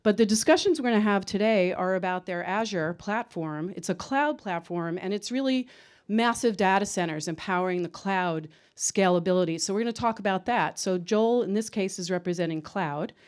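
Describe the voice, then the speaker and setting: A woman's voice: mid-range voice, normal speed, clean tone. A woman moderating a conference panel, introducing the panelists in a conversational, explanatory way to a live audience. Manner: conversational, explanatory, some fillers.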